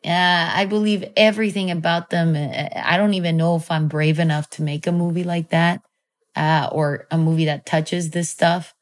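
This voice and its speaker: Woman, slightly low voice, casual storytelling, animated, lots of fillers. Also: moderate pace. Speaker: guest telling a personal story.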